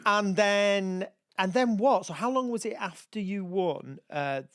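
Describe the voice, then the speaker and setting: Woman co-host, mid pitch, dry studio sound, encouraging, casual. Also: unhurried, dry recording. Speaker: podcast co-host. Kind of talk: casual chat. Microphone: studio mic.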